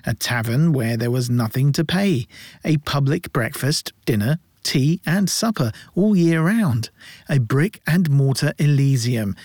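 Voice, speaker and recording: Guy narrating an old novel, measured, bit ironic, dry close mic. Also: medium pitch, animated, darkish tone, no room sound. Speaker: audiobook narrator. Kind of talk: scripted narration.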